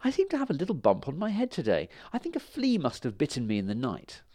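A man voicing a clever, cheeky poor father in a children's storybook reading, sounding breezy and lively. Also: on the high side, fast, pitched above the performer's own voice.

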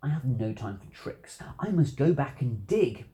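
A storybook reader voicing a young boy who yells at a troublesome cat. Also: mid-range voice, very animated, unhurried. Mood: exasperated. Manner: indignant, yelling.

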